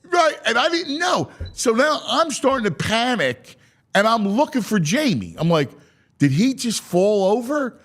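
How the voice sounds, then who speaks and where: A man hosting a sports talk show, telling stories in an excitable way, his voice climbing high when he gets worked up. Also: measured pace. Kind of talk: animated podcast chat.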